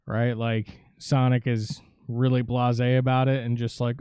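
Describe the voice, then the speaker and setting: A man's voice: mid-range voice, little pitch movement, unhurried, darkish tone, clear, resonant tone, no room sound, studio quality. A man streaming live, giving a casual, rambling, profane film recap with lots of fillers.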